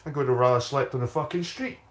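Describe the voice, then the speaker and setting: A man with a husky, slightly rough voice sits in the middle of the male pitch range. He hosts a casual livestream, swearing freely as he rambles and circles back over the same phrases. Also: fast. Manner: profane, rambling, repeats phrases. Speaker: channel host.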